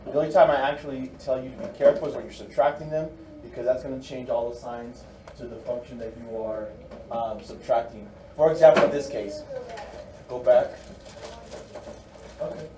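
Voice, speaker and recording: A man's voice: medium pitch, moderate pace. A male math teacher giving a classroom review lesson, walking through steps and checking in with the class. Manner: steady, explains step by step, checks in with "okay?". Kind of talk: classroom lecture. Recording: echoey classroom from far off with background noise.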